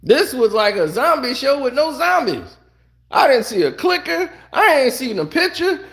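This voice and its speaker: A man with a high, lively voice rants about a TV series at an unhurried pace, laughing often and slipping into other people's voices. His voice rings out in an echoey room. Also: vocal fry. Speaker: TV review vlogger. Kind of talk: casual comedic review rant.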